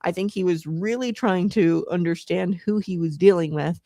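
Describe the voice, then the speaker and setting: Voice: mid-range voice, moderate pace, mellow, dry recording, studio quality. A host giving casual political commentary, rambling with many fillers. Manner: rambling, filler-heavy, laughs often.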